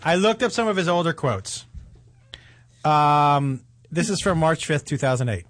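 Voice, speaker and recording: A man co-hosting a radio talk show, bantering loosely and laughing through what he reads out. His voice sits a little high for a man. The studio sound is close and dry. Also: animated, measured pace, a bit bright, no room sound. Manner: joking, reads quotes aloud with laughs.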